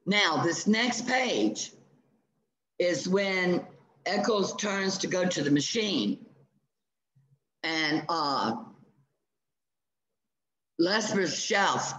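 A male teacher reading a story aloud to his class, pausing to explain and ask questions. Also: high voice, lively intonation, a bit bright, echoey room, poor audio. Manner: slow, deliberate storytelling with asides to students.

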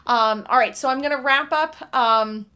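A woman's voice: high-pitched, normal speed, pushed and bright. A woman clarinet teacher answering questions in a live online Q&A, chatty and full of um fillers.

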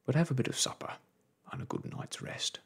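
A man voicing a steady, grave little borrower father in a soft-spoken ASMR storybook reading, with rustic grammar and a gentle tone. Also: a little fast, natural voice.

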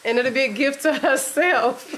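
A woman with a Texan accent, chatting at home in a playful, teasing vlog style and laughing often. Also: high-pitched. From Texas. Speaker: vlogger. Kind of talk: casual family chat.

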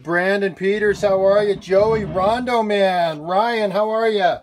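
A man's voice: sits high, steady tone, slow, hardly any pauses, slight background noise. A man live-streaming from an outdoor barbecue grill on a phone held in one hand, chatting casually and rambling with plenty of fillers and restarts. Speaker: livestreamer taking a food challenge.

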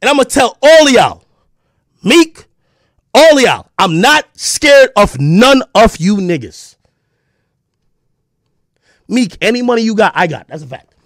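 A man streaming an angry, profane rant, confrontational and breaking into shouts. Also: sits high, very animated, measured pace, pauses often, dry recording, studio quality.

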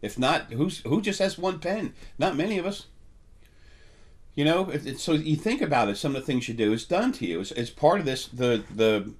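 A middle-aged man giving an unscripted spiritual monologue, rambling and halting with many fillers and restarts, his voice catching with emotion now and then. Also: a little high, expressive. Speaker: spiritual talk host.

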